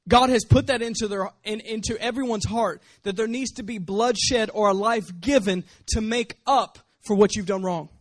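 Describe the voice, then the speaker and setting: High-voiced emphatic preacher man. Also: normal speed, few pauses, dry recording. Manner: emphatic, repeats rhetorical questions. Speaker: pastor. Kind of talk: sermon.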